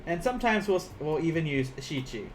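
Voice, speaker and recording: A man's voice: on the high side, sing-song, a little fast, soft background music. A man teaching a casual online language lesson, counting strokes aloud as he writes and joking at his own expense. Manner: chatty, self-deprecating, laughs often.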